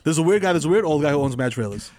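A man co-hosting a casual comedy podcast, blunt and loud in his storytelling. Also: fairly high pitch, animated, racing.

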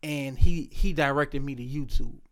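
A man telling a personal story in a casual chat, blunt and profane, retelling events with animated, acted-out quotes. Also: medium pitch, normal speed.

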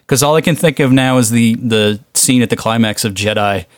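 A man's voice: medium pitch, brisk, no echo, clean studio sound. Laughing, curious podcast co-host, man. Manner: laughs often, asks questions. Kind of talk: casual chat.

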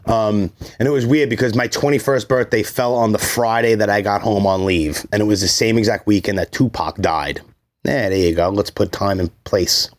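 A man's voice: lowish voice, steady tone, normal speed. Profane, rambling man. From Brooklyn, New York. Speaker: podcast host telling his life story. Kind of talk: casual solo storytelling.

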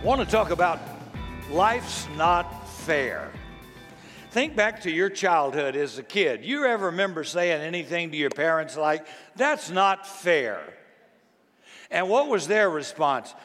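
Older guy preaching, kinda high voice, folksy stories, echo hangs in a big hall. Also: lively intonation, a bit bright, faint music behind. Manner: folksy, storytelling, slow and deliberate. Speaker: pastor. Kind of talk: sermon. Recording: long hall reverb.

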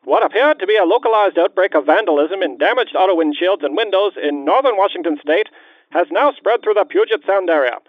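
A man's voice: high-pitched, expressive, fairly quick, no room sound, pitched above the performer's own voice. A man putting on an old-timey mid-Atlantic accent as a formal 1940s announcer reading a government cable aloud. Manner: formal, clipped, declamatory. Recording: tinny phone-like filter, dry.

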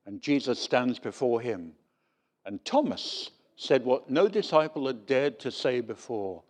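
A man preaching a sermon, telling stories with wry humour. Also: mid-range voice. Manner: lively storytelling with wry humour.

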